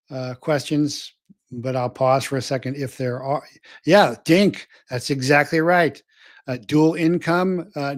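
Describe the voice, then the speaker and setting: A man's voice: a little high, dry recording, clean studio sound. An older man hosting a livestream, reading viewer comments in a rambling, casual way with many fillers. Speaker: show host.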